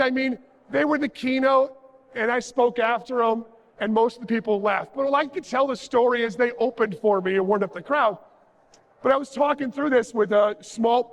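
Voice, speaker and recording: A man giving a jokey, sarcastic conference talk on stage, acting out little dialogues as he goes. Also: extremely high pitch. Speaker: conference speaker. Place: large conference hall. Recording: reverberant conference hall.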